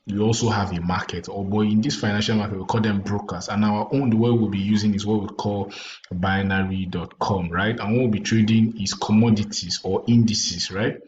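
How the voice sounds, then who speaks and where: A tired, yawning man with a Nigerian accent teaches a casual trading lesson late at night, often checking in with "right?" and "you understand?". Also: lowish voice. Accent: Nigerian English. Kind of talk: casual explanatory lecture. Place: recording indoors late at night. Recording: echoey room, dull lo-fi sound, faint background hiss.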